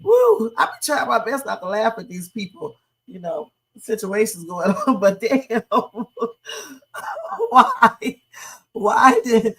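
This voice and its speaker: A woman hosting a livestream and reacting to viral videos in casual, slangy, profane chat, laughing often. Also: medium pitch. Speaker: livestream host. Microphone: streaming setup.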